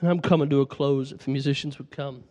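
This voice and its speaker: A man's voice: medium pitch, steady tone, fast talker, dark tone. A man preaching a sermon, passionately reciting scripture aloud to his congregation.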